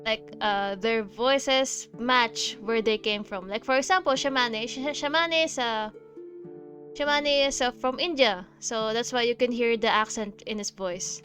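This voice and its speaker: A woman's voice: fairly high pitch, measured pace, fairly bright tone. Woman, game streamer, casual commentary, gushing, light music behind. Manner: chatty, gushing, lots of fillers and giggles.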